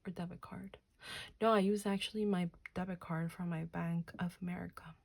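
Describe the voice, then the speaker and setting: A woman's voice: fairly low pitch, steady tone, fairly quick, vocal fry, a little mellow. A woman in her thirties from New Jersey, chatting casually while counting cash aloud and muttering to herself. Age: 30s. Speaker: budgeting channel host.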